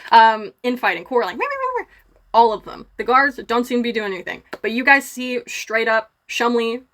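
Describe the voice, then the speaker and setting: A woman narrating as game master in a casual way, with lots of "um" and quick scene-setting. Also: on the high side, steady tone, fairly bright tone. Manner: casual, many fillers, brisk scene-setting.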